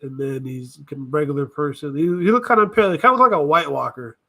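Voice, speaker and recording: A man riffing through casual reaction commentary with a voice pitched a little high. He thinks out loud, wanders off track and corrects himself as he goes. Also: fast talker. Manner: rambling, thinking aloud, self-correcting. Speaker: reaction video host.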